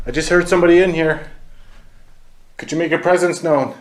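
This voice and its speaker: A man's voice: on the high side, fairly even intonation, a little fast, long pauses. Startled man hunting ghosts. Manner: startled, swearing, calling out to spirits. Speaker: paranormal investigator.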